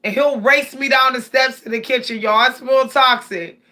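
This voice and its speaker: A woman telling animated, laughing stories to her viewers in a casual vlog. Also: sits high, moderate pace. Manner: animated, laughs often, addresses viewers directly. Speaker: cat owner vlogger.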